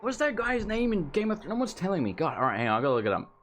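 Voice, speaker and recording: A man's voice: sits high, wildly swooping pitch, racing, fairly bright tone, a little hiss or hum. A man giving casual, rambling commentary over his own gameplay, chatting and swearing as he plays, with faint game music behind him. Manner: rambling and chatty, swearing, eating while talking. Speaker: let's play commentator.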